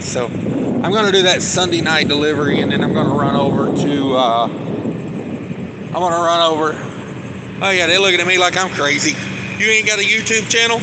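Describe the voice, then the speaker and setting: A man truck driver on a casual live-stream vlog, talking loosely into a phone as he walks outdoors at a cold storage yard and answers viewer chat with lots of fillers. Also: a little high. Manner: loose, chatty, thinks aloud with many fillers. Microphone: phone held while walking. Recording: loud running refrigeration units and vehicle noise outdoors.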